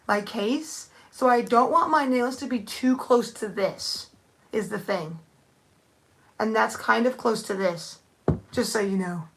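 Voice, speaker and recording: A woman's voice: a little high, a little hiss or hum. A young woman thinking aloud in a rambling, casual live-stream chat, answering viewers with many restarts. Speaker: nail art streamer.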